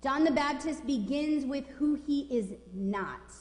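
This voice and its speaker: A woman's voice: high-pitched, animated, a little slow, darkish tone. A woman pastor in her forties delivers a sermon with emphatic, informal conviction. Her voice carries through a roomy church with a long, lingering reverb. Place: church sanctuary.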